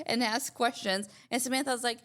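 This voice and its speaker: A woman's voice: a little high, fairly even intonation, normal speed, fairly bright tone. A woman co-hosting a podcast, telling a story in casual chat, acting out quotes and laughing often. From foreign-born. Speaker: podcast co-host.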